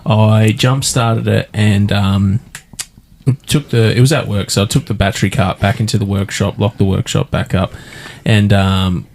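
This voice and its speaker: A man's voice: lowish voice, steady tone, moderate pace, vocal fry, darkish tone, a little hiss or hum. A man with an Australian accent, hosting a podcast and telling a sweary, ranting story in casual chat. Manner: sweary, ranting anecdote with put-on quotes. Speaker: podcast host. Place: podcast studio.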